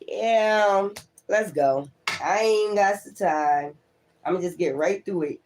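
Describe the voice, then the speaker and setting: A woman's voice: on the low side, a little slow, a little mellow. A woman giving a casual tarot reading to her viewers, speaking straight to them in a profane, emphatic way and laughing often. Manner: talks straight to the audience. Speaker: tarot reader.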